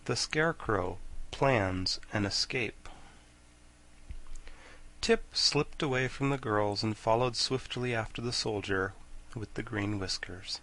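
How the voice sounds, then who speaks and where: A man narrating a children's classic for an audiobook in an expressive storytelling manner. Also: on the low side. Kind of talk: scripted narration.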